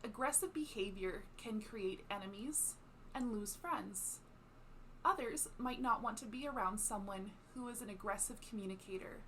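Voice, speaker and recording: A woman giving calm, scripted educational narration about communication styles. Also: medium pitch, moderate pace, a little hiss or hum. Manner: calm, explanatory. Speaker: psychology educator.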